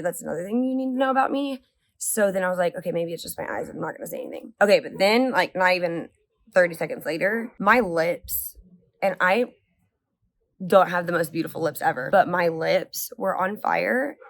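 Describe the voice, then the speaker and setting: A woman vlogger telling a story to camera in a casual, rambling way, full of "like" fillers and swings in pace. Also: lowish voice. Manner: animated, rambling, heavy use of "like"; speeds up and slows down often.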